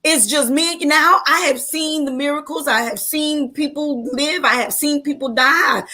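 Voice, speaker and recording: Brief: high, bright-voiced woman faith leader, preacherly testimony, emphatic repetition. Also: normal speed. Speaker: faith leader, panel guest. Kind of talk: personal testimony turning into preaching.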